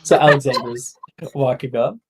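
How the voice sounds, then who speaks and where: A game master talks a tabletop role-playing session through in an easy, halting way. He leans on fillers and restarts, and his voice sits at a middling pitch. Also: fairly even intonation, very noisy. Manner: casual, halting, many fillers.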